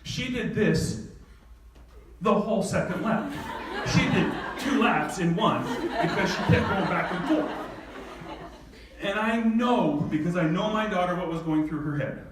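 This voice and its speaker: A man telling a personal story to an audience in an animated way, laughing often. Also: sits high, a little slow, background noise. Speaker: speaker. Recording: echoey hall from far off, faint ambience.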